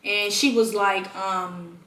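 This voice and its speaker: A young woman telling a storytime in blunt, profane, animated casual chat, recorded in a shared bedroom. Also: mid-range voice, takes it slowly. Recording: roomy, distant mic.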